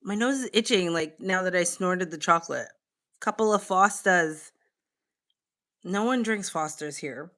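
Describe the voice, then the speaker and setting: A woman's voice: fairly low pitch, a little slow, a bit bright. A woman streamer in casual livestream chat with viewers, playful and teasing, with casual swearing, snacking while she talks.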